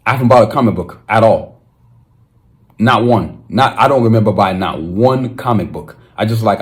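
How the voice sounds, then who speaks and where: A young man hosting his own podcast, talking casually and excitedly, with slang and frequent restarts. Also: lowish voice, normal speed. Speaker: podcast host. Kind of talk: casual solo podcast monologue.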